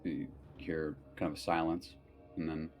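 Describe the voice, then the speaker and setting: A man narrating a tabletop game as game master, in a loose, relaxed way with lots of fillers. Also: a bass voice, measured pace, soft background music.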